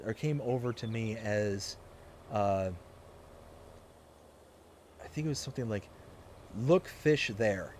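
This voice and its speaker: Chatty male game streamer, mellow voice. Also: medium pitch, slight background noise. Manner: chatty, rambling, reads chat aloud, laughs often. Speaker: livestream host playing a farming game. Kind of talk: casual livestream chat.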